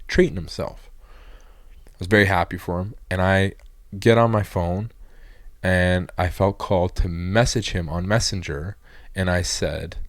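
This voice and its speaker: A man sharing an emotional personal testimony, telling his story in a halting, rambling way with many fillers and restarts. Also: low voice, no echo. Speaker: guest giving a personal testimony.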